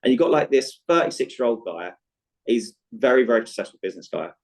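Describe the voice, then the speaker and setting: A man's voice: mid-range voice, lively intonation, fast, low-quality recording. A man on a podcast as a guest coach, telling stories animatedly, acting out dialogue and often checking in with "right?". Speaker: guest, movement coach for chronic pain. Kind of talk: conversational podcast storytelling.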